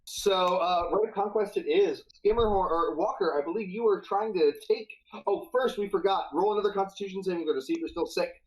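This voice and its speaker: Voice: medium pitch, a little fast, hardly any pauses, low-quality recording. A game master narrating a live-streamed tabletop game in a playful, chatty way, laughing often.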